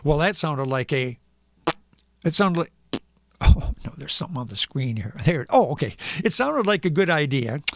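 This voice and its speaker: A man's voice: on the high side, very animated, moderate pace, fairly bright tone, no room sound, studio quality. A man hosting a live stream who gives a playful comedic reading and makes sound effects for punctuation marks.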